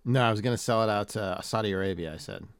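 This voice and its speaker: A man's voice: fairly low pitch, fast, clean tone, dry recording. A man co-hosting a podcast in casual chat, laid-back and dry, swearing casually. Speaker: podcast co-host.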